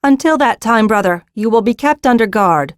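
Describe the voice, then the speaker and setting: A woman's voice: fairly high pitch, expressive, normal speed, no echo, clean studio sound, pitched above the performer's own voice, close to an everyday voice. Stern, commanding young noblewoman in an audiobook, raised and firm, read by a woman. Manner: stern, authoritative. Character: commanding young noblewoman taking charge of a hold.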